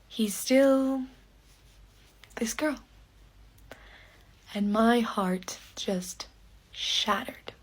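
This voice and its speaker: A woman telling a personal story very slowly in short, separate phrases, often dropping to a breathy half-whisper. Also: fairly high pitch. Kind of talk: slow personal storytelling for learners.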